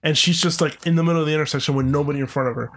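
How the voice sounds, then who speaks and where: A man's voice: on the high side, fairly even intonation, very fast, fairly bright tone. Wry man telling a traffic story. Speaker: podcast co-host. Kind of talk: casual chat.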